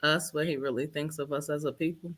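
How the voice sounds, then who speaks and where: Female co-host with a bright, forceful tone, probing and quick to laugh in casual chat. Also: low-pitched, fairly even intonation, breathy edge. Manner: probing, laughs between points.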